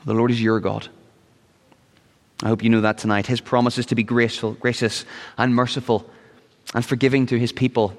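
An earnest male pastor preaching a sermon, his voice at a middle pitch. At times he pushes into urgent, pleading appeals to the congregation. The sound carries the long reverb of a church sanctuary. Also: flat delivery, brisk, pauses often.

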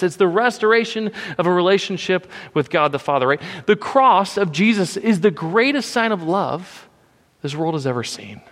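A man's voice: high-pitched, in a large hall. A man preaching a sermon, emphatic and repetitive, often checking in with "right?".

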